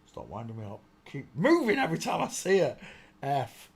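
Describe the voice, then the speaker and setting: A man's voice: medium pitch, wildly swooping pitch, moderate pace, slightly rough. Chatty man muttering through a stream. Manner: chatty, exclaiming, muttering to himself while searching. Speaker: live-stream host. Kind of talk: casual live-stream commentary.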